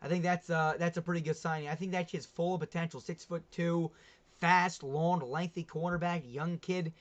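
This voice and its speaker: A man's voice: on the high side, fairly even intonation, normal speed. Chatty young man on a dull stream mic. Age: young adult. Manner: chatty, rambling, laughs at himself. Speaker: livestream host. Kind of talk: casual sports talk livestream.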